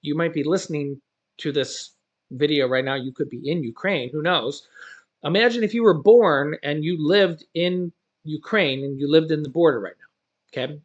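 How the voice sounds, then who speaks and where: A man's voice: on the high side, moderate pace, muffled recording. A man reading news stories aloud and breaking off into casual, opinionated asides as a channel host. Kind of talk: reading news with personal commentary.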